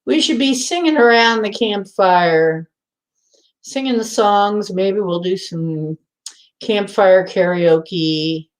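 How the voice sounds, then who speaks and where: A woman's voice: medium pitch, slow. A middle-aged woman hosting a casual live chat, laughing often and reading out viewers' comments. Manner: giggly, laughs often, reads comments aloud. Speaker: livestream host.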